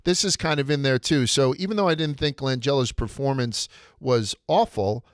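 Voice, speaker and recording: A man's voice: medium pitch, normal speed. Rambling, profane man in a podcast chat. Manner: rambling, profane, trailing restarts. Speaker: podcast co-host. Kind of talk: casual movie review chat.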